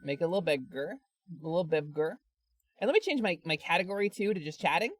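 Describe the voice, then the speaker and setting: Animated woman streamer with lively pitch. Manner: animated, rambling, quick to get fired up. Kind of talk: casual chat to stream viewers. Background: faint background music.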